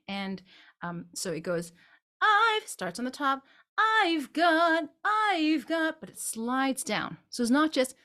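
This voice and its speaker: A woman vocal coach explaining singing technique and breaking into short sung demonstrations of phrases. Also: mid-range voice.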